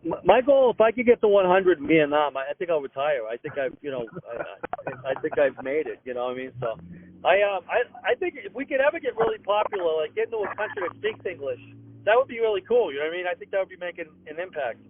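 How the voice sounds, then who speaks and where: Guy ranting, high voice, keeps restarting, sounds like a tinny phone line. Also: sing-song, a little hiss or hum. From Boston. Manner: rapid, repetitive, stammering restarts. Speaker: comedian guest. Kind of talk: comic rant.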